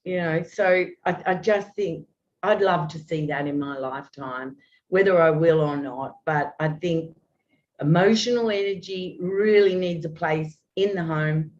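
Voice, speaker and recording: A woman's voice: on the low side, measured pace, a little mellow. Earnest woman in her fifties, lo-fi. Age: 50s. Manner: earnest, rambling, with many restarts. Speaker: guest. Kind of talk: open, heartfelt conversation. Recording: dull lo-fi audio.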